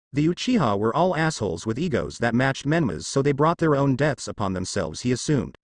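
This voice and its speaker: Man narrating fan fiction, casual asides, lively pitch, dry close mic. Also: dry recording. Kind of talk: reading fan fiction aloud.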